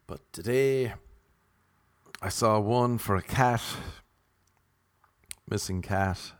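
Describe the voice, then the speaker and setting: A man's voice: on the low side, slow, dry recording. Young irish man, comic monologue, loose and jokey, tangents, dry close sound. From Ireland. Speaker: comedian.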